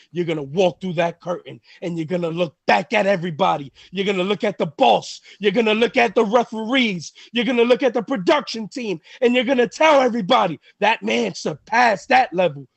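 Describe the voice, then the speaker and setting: A man's voice: high voice, gravelly, dry recording. A man who is a pro wrestler cutting a heated, trash-talking promo on a live stream. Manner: intense, trash-talking, builds to shouting.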